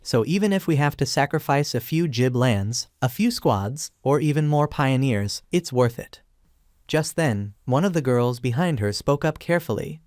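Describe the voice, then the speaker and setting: A man narrating a comic story recap in a steady, even reading. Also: mid-range voice, moderate pace, no room sound, clean studio sound.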